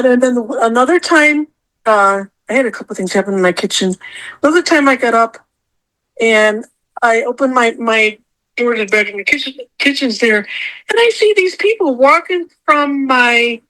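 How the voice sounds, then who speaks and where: A middle-aged woman telling her own story as a podcast guest, acting out what she said in a high, animated voice. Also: unhurried, pauses often, rough recording. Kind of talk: casual storytelling interview.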